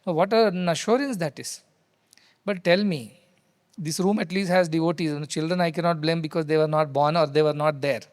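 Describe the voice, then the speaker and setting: Speaking to devotees gathered in a hall, a spiritual teacher relates a story with animation, returning again and again to key phrases. He talks a little fast, in a voice on the high side. The recording carries a reverberant hall sound.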